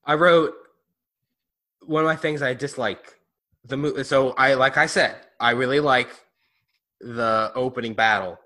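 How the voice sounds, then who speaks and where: Bright-voiced man, animated and blunt. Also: medium pitch, unhurried, long pauses. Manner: animated, blunt, laughs easily. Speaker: podcast host. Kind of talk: casual chat.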